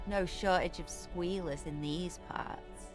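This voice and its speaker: A woman's voice: lowish voice, slow, over music. A woman voicing a hostile, foul-mouthed young graffiti painter who taunts and swears, in a video game. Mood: sneering. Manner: sneering, taunting, swears a lot.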